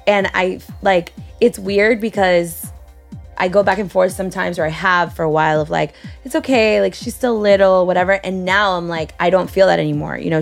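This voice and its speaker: A woman's voice: fairly low pitch, gravelly. A woman in her thirties co-hosting a podcast, chatting casually, laughing often and acting out what others said. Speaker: podcast co-host. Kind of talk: casual chat.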